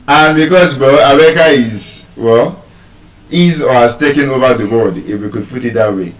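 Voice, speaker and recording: Male teacher, animated classroom drilling, roomy distant sound. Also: medium pitch, normal speed. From Nigeria. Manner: animated and repetitive, drilling words aloud. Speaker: English pronunciation teacher. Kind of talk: classroom lesson. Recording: echoey room, voice from far off.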